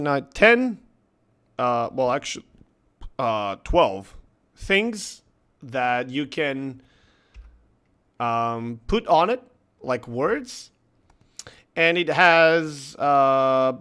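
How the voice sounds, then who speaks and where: A man recounts a household mishap to his viewers in casual vlog style. His voice sits a little high for a man, and he takes his time. He keeps breaking into laughter while he tells it. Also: fairly bright tone, smooth. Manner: chatty, laughs through his story. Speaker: gaming channel host.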